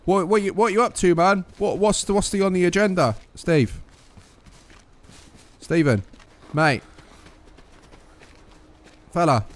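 A man's voice: high voice, slow, long pauses. A young man with a cheeky, trolling manner, chatting casually over his gameplay. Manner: cheeky, joking, trolling other players. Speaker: gaming channel host.

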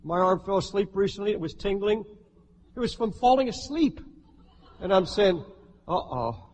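A fervent male preacher delivers a sermon from the pulpit in a fairly high voice, pressing his points hard and slipping in wry jokes. A long hall reverb trails his words over faint room hum. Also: normal speed, darkish tone. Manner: fervent and emphatic, with humorous asides. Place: church sanctuary.

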